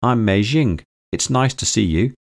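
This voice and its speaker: A man reading aloud, voicing a gentle, eager young woman who speaks telepathically in a soft, earnest way. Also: fairly low pitch, expressive, unhurried, pitched above the performer's own voice. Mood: friendly.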